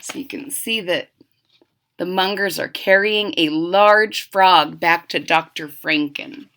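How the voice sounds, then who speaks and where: A young woman reading a children's picture book aloud expressively, pausing to explain the pictures. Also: on the low side. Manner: expressive storytelling with explanatory asides. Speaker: storybook reader.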